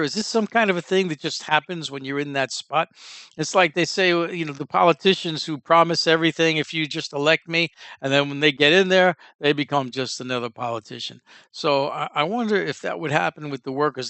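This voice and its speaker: Northern us guy rambling thru the news on his podcast, lotta uhs, smooth voice, dead dry sound. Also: fairly high pitch, bright, forceful tone, no echo. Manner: rambling, many fillers and restarts. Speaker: podcast host. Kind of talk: casual news commentary.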